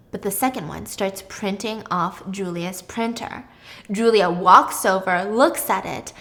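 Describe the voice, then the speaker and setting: Young woman telling a wild story, chatty, lots of asides, pretty high voice. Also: a bit bright. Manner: chatty, dramatic, asides to the listener. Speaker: storytelling YouTuber. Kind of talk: casual story retelling.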